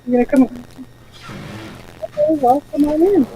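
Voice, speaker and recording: A woman's voice: high-pitched, animated, moderate pace, mellow, a little hiss or hum. A woman hosting a live spiritual chat, talking casually about energy and protection, heard through dull lo-fi stream audio.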